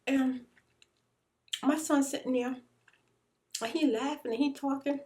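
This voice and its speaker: A woman's voice: high voice, steady tone, measured pace, a little mellow. A woman ASMR creator telling an exasperated story between bites of food, in a casual, emphatic way. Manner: chewing and eating between lines. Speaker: ASMR YouTuber, mother. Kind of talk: casual storytime while eating.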